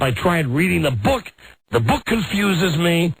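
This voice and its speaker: Animated, husky-voiced American radio host. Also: male voice, on the high side, a little slow, poor audio. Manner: animated, self-mocking storyteller. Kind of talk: casual on-air storytelling.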